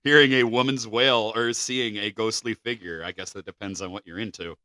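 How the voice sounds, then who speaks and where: A man's voice: on the low side, fairly even intonation, fairly quick, bright, forceful tone, no room sound. A man co-hosting a podcast, reading facts from notes and then joking around casually. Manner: joking, loose, swears casually. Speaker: podcast co-host.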